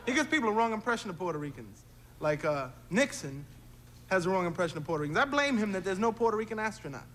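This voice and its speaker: A man performing a stand-up comedy routine on stage, telling punchy stories with quick tag lines. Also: high voice, sing-song. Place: theater stage before a live audience. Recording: noisy 1970s TV stage recording with roaring crowd. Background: loud audience laughter.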